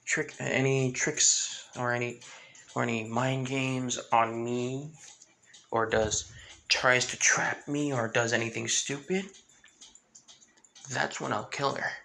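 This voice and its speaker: A man voicing a volatile young woman with a blade for an arm, jumping from high mocking taunts to hushed threats. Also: fairly even intonation, slow, gravelly, long pauses, a little hiss or hum, heavily acted. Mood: menacing.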